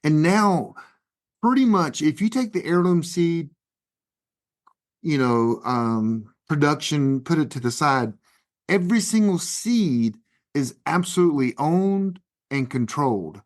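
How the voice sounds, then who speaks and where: A man's voice: a little high, animated, slow pace. A man hosting an interview, talking in a conversational way with hesitant fillers. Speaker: podcast host. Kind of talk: casual interview talk.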